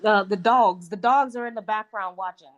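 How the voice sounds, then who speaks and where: A woman's voice: medium pitch, normal speed, highs cut off, crowd noise. A woman co-hosting a podcast in casual chat, blunt and profane, laughing often. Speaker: podcast co-host.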